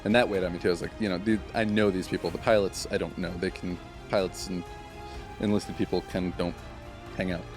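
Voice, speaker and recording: A man's voice: low-pitched, flat delivery, brisk, over music. A man casually telling a long story on a podcast, swearing freely and acting out what others said. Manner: profane, acts out quoted people.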